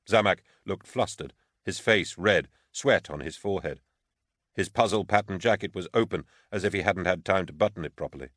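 A man narrating an audiobook in a measured, steady way. His voice is deep and low. The recording is close and completely dry. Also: dry recording. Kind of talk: scripted narration.

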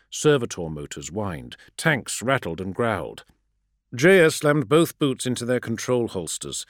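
A man narrating a science fiction audiobook in a dramatic, expressive way. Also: lowish voice, dry recording, clean studio sound. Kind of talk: scripted narration.

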